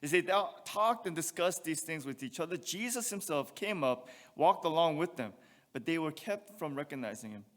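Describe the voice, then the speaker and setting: A man's voice: a little high, lively intonation, moderate pace, fairly bright tone. Preaching man in a reverberant hall. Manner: expository preaching with rhetorical questions and scripture reading. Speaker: pastor. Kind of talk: sermon. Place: church sanctuary.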